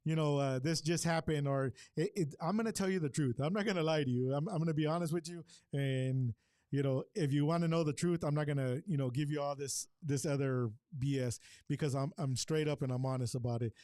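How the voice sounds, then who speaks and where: A man's voice: on the high side, brisk, a little mellow, dry recording, studio quality. A man with a Hispanic accent co-hosting a casual livestream chat, rambling and repeating himself in a chummy way. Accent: Hispanic English. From Hispanic heritage, Texas. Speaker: show co-host.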